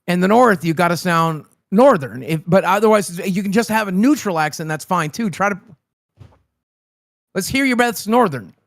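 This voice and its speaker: A brash American man hosting a loud livestream, swearing freely and teasing his guest. His voice sits high for a man, and the sound is dry and close with no room around it. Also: lively intonation, normal speed, gravelly, no room sound. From United States. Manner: brash, profane, mocking. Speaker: host.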